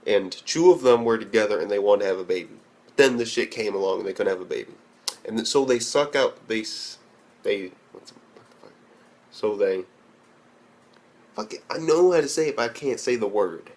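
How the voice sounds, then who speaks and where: A man's voice: on the low side, animated, a little fast, pauses often, darkish tone. Foul-mouthed ranting young man. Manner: profane and blunt, heavy swearing; rambling with restarts. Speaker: anime reviewer. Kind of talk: ranting video review.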